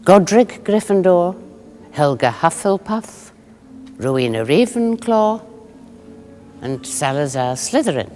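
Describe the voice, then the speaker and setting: A stern Scottish professor. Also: female voice, fairly low pitch, sing-song, over music. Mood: formal. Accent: soft Scottish. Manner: measured, formal lecturing. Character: stern older female professor. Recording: film clip with reverb and score.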